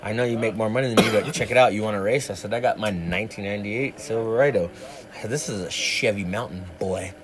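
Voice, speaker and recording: Crowd noise can be heard as this fast-talking man, whose voice runs on the low side, co-hosts a livestream. He chats casually, telling long and profane rambling tales.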